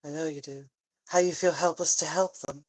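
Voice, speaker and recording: A woman talking tearfully in a personal vlog, halting and sighing often, frank and swearing at times. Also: low voice, steady tone, darkish tone, rough recording. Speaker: vlogger.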